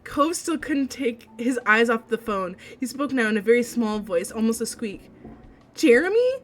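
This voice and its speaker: Excitable woman streamer reading a game aloud. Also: fairly high pitch, normal speed. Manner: gushing, excitable outbursts between steady reading. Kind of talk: reading a visual novel aloud with live reactions.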